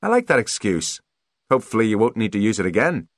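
A man's voice: on the low side, very animated, fast talker, no room sound, studio quality, pitched above the performer's own voice. A man voicing a loyal, watchful adult bodyguard in an audiobook, alert and practical. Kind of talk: audiobook character voice.

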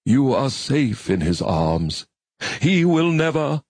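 A man voicing an elderly male coin-operated machine priest who intones slowly, as if there were no rush. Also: lowish voice, wildly swooping pitch, breathy edge, dry recording, studio quality, exaggerated voice. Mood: gentle. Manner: slow, unhurried intoning.

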